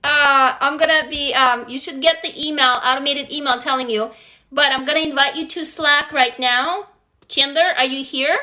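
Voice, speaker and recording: A woman's voice: sits high, steady tone, normal speed, bright, forceful tone. A woman hosting a casual livestream, talking straight to her viewers, coaching them through writing prompts and gushing over each new arrival. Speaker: livestream host.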